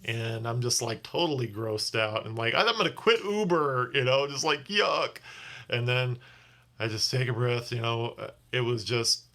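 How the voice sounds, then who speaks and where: A man's voice: medium pitch, little pitch movement, moderate pace, fairly bright tone. A tired man telling a casual vlog story as a rideshare driver, rambling and often restarting his sentences. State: tired from little sleep.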